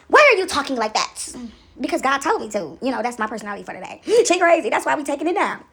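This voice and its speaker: A woman's voice: high-pitched, fast talker. A woman giving a casual spiritual pep talk, preachy and playful, often acting out other people's voices. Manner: animated, preachy, acts out little voices with laughs.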